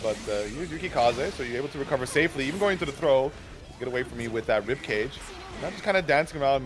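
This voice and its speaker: A young man giving live fighting game commentary, analytical and heavy on fillers, often asking "right?". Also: medium pitch. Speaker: esports commentator.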